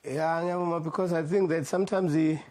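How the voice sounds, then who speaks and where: A man, a former footballer, giving his view as a pundit in a studio panel, pausing and repeating words as he thinks. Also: on the high side, steady tone, a little mellow. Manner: halting, repeats words, switches languages.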